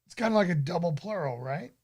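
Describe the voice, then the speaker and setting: A man's voice: high voice, expressive, quick pace, a little mellow, no room sound. Laid-back man host, dry mic. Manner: laid-back, rambling, many fillers. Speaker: podcast host. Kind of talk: casual live-stream chat.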